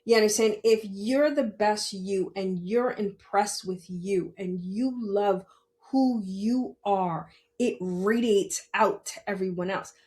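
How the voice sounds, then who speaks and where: A woman's voice: mid-range voice, slow, a little mellow. Tearful middle-aged woman, heartfelt monologue. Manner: repeats phrases, asks "you understand?". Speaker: podcast host. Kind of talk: emotional personal monologue.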